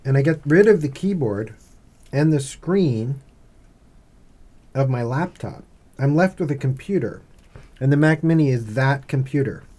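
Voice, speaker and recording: A man's voice: mid-range voice, expressive, a little slow, long pauses, mellow. A man in his fifties hosting a casual unboxing vlog as a father, patient and teasing, explaining things step by step.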